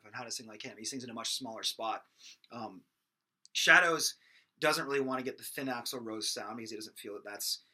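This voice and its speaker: A young singing teacher gives a casual vocal lesson with sung demonstrations, rambling with fillers and restarts. His mid-range voice sounds pushed and bright.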